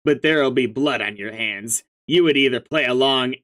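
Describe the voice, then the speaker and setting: A man's voice: mid-range voice, moderate pace, a bit bright, close to an everyday voice. A man reading aloud as a pushy, profane young sea troll with schemes of his own, speaking in a mocking tone. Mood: scornful.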